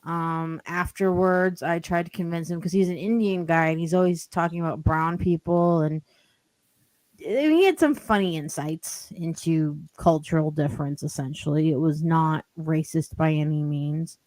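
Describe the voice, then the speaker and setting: A woman's voice: low-pitched, normal speed, a little mellow, no echo. A woman telling a rambling story as a podcast guest, with lots of "like" and "you know". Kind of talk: casual storytelling.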